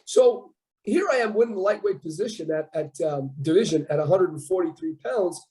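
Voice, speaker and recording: A Canadian man in his fifties, a guest on a casual talk show, telling a story with lively quoted dialogue. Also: sits high, a little fast, low-quality recording. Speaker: podcast guest, bodybuilder.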